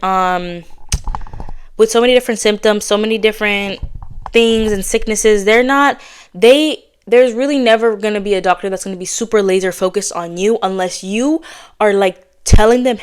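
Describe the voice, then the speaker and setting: A woman hosting her own podcast in a candid, casual chat, talking fast and bluntly with slang and sounding a little out of breath. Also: medium pitch, smooth. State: slightly out of breath. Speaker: podcast host.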